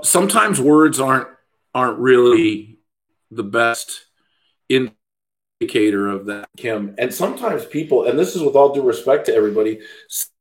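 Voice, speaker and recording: Blunt, gravelly-voiced man ranting. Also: medium pitch. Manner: blunt, profane, animated ranting with mimicked voices. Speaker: dog trainer. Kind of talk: casual podcast chat.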